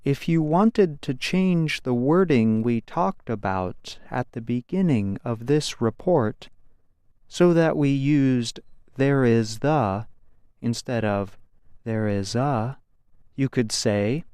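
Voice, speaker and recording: Slow, smooth-voiced male grammar narrator. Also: mid-range voice, lively intonation, darkish tone, dry recording, studio quality. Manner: slow, careful, explanatory. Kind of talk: scripted educational narration.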